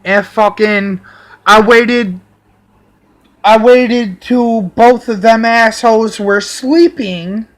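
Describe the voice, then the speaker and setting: A man's voice: high-pitched, fairly even intonation. A man ranting angrily about people who stayed in his home, swearing heavily and in a heated tone. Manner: profane, heated, drawn-out delivery. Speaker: vlogger. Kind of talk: angry personal rant.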